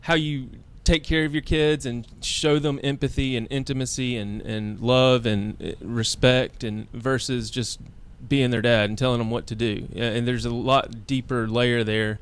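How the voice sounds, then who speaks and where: A man in his thirties with a smooth, resonant voice at a middle pitch. He talks in loose, casual podcast chat, often restarting and groping for the right words. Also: fairly even intonation. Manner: halting, searching for words with many restarts and fillers. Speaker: podcast co-host.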